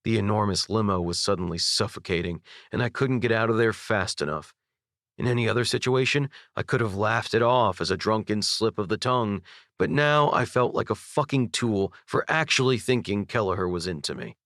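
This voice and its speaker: Low-voiced man narrating an audiobook. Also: brisk, no echo, studio quality. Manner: intimate, expressive storytelling. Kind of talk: first-person audiobook narration. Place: dry recording booth. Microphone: studio microphone.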